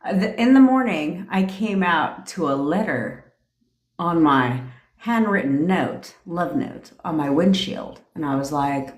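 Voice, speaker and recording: Forties woman ranting on a live, low-ish voice, cussing a lot and laughing, echoey room. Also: animated, measured pace. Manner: profane, blunt and laughing. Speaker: manifestation coach. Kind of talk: casual storytelling rant on a livestream. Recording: roomy echo.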